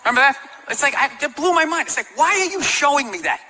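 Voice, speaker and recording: A man doing a stand-up comedy routine on stage, ranting sarcastically and shouting his punchlines. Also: very high-pitched, lively intonation, quick pace. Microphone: handheld stage mic. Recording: live stage with loud crowd laughter and noise. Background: audience laughing.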